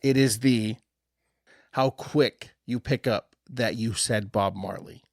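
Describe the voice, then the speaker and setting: A man co-hosting a podcast in casual chat, telling stories in a profane, animated way and laughing often. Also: lowish voice, slow pace, gravelly, dry recording, clean studio sound. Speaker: podcast co-host.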